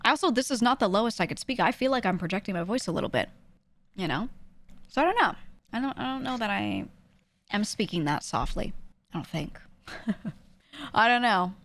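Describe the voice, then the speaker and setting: A woman streamer chatting casually with her viewers, talking quickly and lightly projecting her voice for the mic. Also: medium pitch, expressive, a bit bright. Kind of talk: casual chat answering a livestream chat.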